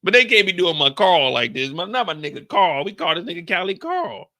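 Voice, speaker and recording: A young man from the Bay Area hosting a casual TV recap show, animated and profane, often acting out scenes. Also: high voice, a little fast. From San Francisco Bay Area. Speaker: show host.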